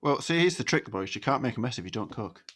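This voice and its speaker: A man's voice: medium pitch, expressive, fast, a bit bright. A young man, co-hosting a podcast and teasing his friends in casual banter. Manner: blunt, teasing. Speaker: podcast co-host.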